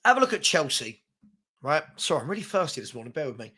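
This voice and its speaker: A man's voice: a little high, very animated, fast talker, bright, forceful tone, breathy edge. A man hosting a casual live-stream chat, frustrated and rambling, reading out viewer comments as he talks. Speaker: host.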